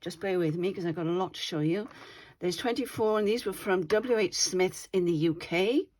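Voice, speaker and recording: A woman's voice: on the low side, normal speed, darkish tone. A woman hosting a craft channel, chatting casually as she demonstrates her doodles and keeps checking in with viewers. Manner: chatty, often checks in with "all right?".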